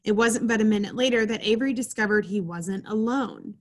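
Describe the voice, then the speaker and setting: With a brisk, medium-pitched voice, a female children's presenter reads a picture book and then chats the kids step by step through a craft lesson.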